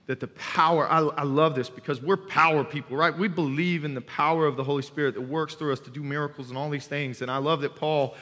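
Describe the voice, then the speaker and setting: A man's voice: medium pitch, a bit bright, big-room sound. A young adult man, a youth pastor, preaching a sermon in a church sanctuary, talking animatedly and conversationally and often asking the congregation questions.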